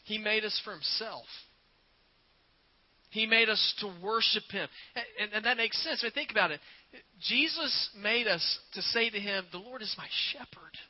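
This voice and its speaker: A man preaching a sermon as a pastor, earnest and repetitive, slowing down to stress his points. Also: sits high, dull audio. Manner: earnest, repeats words, slows for emphasis.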